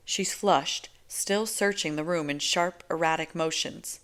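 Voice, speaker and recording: A woman reading a novel aloud in first person, with a measured, conversational delivery. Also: low-pitched, fairly bright tone. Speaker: audiobook reader.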